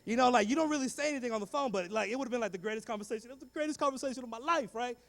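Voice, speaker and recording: A man's voice: very high voice, racing. A young man giving a comedic guest talk to students, acting out scenes and slipping in Spanish words. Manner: animated, acts out every character, drops Spanish words. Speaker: guest speaker. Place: large school hall.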